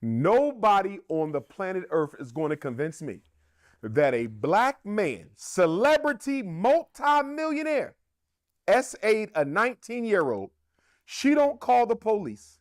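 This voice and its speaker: Male commentator, high and very lively voice, emphatic and rhetorical, opinionated delivery. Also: unhurried, no room sound, clean studio sound. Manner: emphatic and rhetorical, repeats points for effect.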